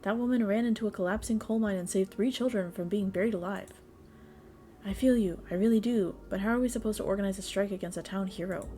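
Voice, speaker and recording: A woman's voice: medium pitch, quick pace, warm tone, a little hiss or hum, close to an everyday voice. A woman voicing a cautious adult male miner who reasons against a risky strike. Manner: hesitant, reasonable.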